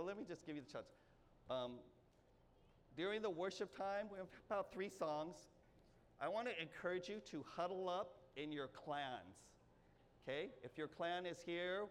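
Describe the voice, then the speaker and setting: A male pastor preaching with a high voice, earnest and coaxing, with plenty of repetition. His voice carries through a reverberant church hall over a faint background hum. He speaks to the congregation with warm asides between points. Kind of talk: sermon. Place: church sanctuary.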